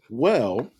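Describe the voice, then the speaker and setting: A man's voice: mid-range voice, slightly rough. A man giving blunt, profane commentary to camera, rambling with restarts.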